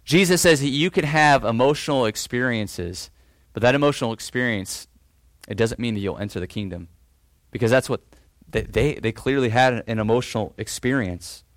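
A man's voice: normal speed, dry recording. Earnest male preacher, dry sound. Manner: earnest preaching with rhetorical questions and quoted voices; drops low and quiet on solemn lines. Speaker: pastor. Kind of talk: sermon.

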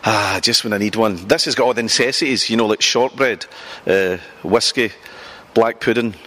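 Teasing Scottish comedian host outdoors. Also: male voice, fairly low pitch, fairly bright tone. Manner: chatty, teasing, quick asides. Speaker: comedy street-interview host. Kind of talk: joking street interview. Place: outdoors by a loch.

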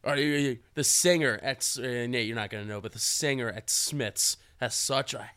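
Bright-voiced stammering male co-host. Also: mid-range voice, moderate pace, clean tone. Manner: stammering, teasing. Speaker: podcast co-host. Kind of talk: casual podcast chat.

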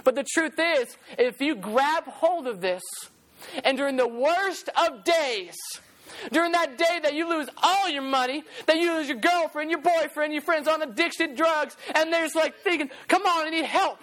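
A preacher giving a storytelling sermon, animated, repeating phrases for emphasis and now and then singing a line. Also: sits high, moderate pace.

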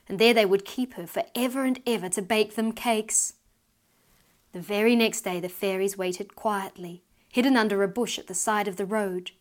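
Woman gently reading a fairy tale aloud. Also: fairly high pitch. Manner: gentle, expressive storytelling. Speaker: author and narrator. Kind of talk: storybook reading.

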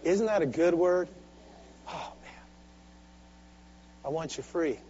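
A man preaching a sermon with call-and-response, swinging from soft, intimate asides to loud, driving exhortation. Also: a little high, slow pace. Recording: dull lo-fi recording with faint hum.

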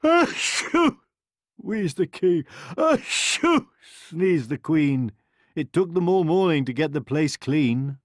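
A man reading a rhyming bedtime story aloud in a sing-song, expressive way. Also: on the high side, unhurried, dry recording, studio quality. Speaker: narrator.

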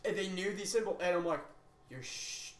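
A man's voice: high voice, normal speed. A young man co-hosting a casual podcast, telling stories with lots of swearing and acting out the people he quotes. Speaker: podcast co-host. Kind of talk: casual chat. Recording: echoey room, distant mic, faint noise.

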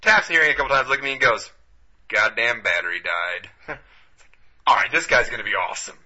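A man co-hosting a podcast, telling a long story in a laid-back, profane, deadpan way. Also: medium pitch, quick pace, slightly rough. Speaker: podcast co-host. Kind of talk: casual storytelling chat. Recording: dull lo-fi podcast audio.

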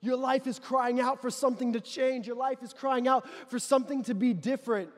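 A male pastor with a very high voice preaches with passion, stacking up repeated declarations and driving them home. His words ring out with a long reverb from a large church hall. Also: fairly even intonation, fairly quick. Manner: impassioned, builds to loud declarations with repeated phrases. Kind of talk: sermon.

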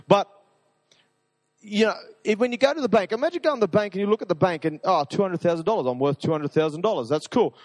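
A man preaching a sermon to a live audience, talking in an energetic, rambling, enthusiastic way. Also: sits high, big-room sound.

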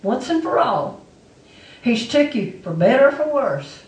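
A woman preaches to her congregation, pressing her points home through repetition. Her voice sits a little high for a woman. She is picked up from some distance in an echoey church. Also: sing-song, a little slow. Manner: testifying preacher, emphatic and repetitive. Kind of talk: sermon. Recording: echoey room, mic far off.

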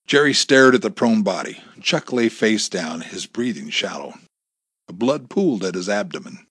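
A man narrating a thriller audiobook with expressive storytelling, close to the mic. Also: on the low side, normal speed, husky, no echo.

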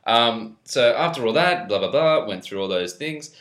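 A man's voice: medium pitch, expressive, normal speed, a bit bright. A man telling a crude story in casual podcast chat, laughing often and swearing freely. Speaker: podcast co-host. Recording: echoey room.

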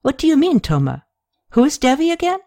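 A woman's voice: high voice, wildly swooping pitch, fairly quick, warm tone, dry recording, studio quality, voice pushed up, heavily acted. A woman reading the part of a young woman hailed as a goddess, asking pointed, exasperated questions in an audiobook.

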